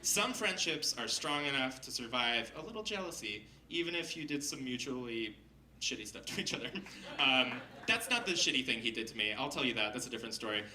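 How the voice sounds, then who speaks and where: Man, stage storyteller, lively swooping pitch, roomy hall sound, heard from a bit off mic. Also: fairly quick, distant mic, crowd noise. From Seattle. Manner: animated, laughing, acts out quoted voices. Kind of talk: live personal storytelling. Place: stage before a live audience.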